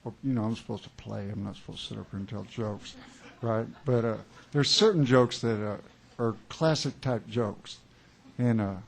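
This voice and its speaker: A man, chatting between songs at a small club show, rambling and halting with many pauses and wry chuckles. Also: fairly low pitch, gravelly. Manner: wry, chuckling joke-teller. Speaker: singer-songwriter performing live. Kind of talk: onstage banter between songs. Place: small live music club.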